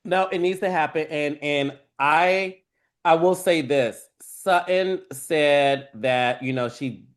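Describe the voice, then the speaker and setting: A man's voice: a little high, slow pace. A man hosting a casual recap chat, telling stories animatedly and acting out other people's lines in raised voices. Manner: animated storyteller, acts out quotes in raised voices. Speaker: podcast host.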